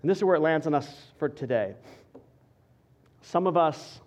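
A male pastor preaching a sermon with an emphatic, repetitive rhetorical cadence that drops to quiet for stress. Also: fairly high pitch, expressive, normal speed.

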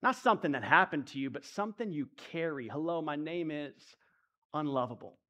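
Soft-spoken, then stirring male preacher. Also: a little high, lively intonation, a little fast. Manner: intimate preaching that swings from hushed to emphatic. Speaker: pastor. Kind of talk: sermon.

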